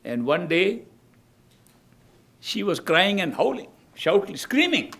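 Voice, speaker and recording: An older man giving a spiritual discourse as a teacher, telling stories in a measured way and often restarting his phrases. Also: high voice, big pitch swings, creaky, a bit bright.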